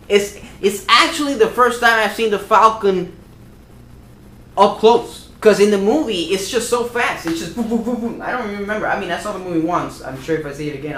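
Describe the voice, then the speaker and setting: A man's voice: high-pitched, fairly bright tone, a little hiss or hum. A man hosting a toy vlog, ranting in a casual, profane and exasperated way. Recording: roomy echo.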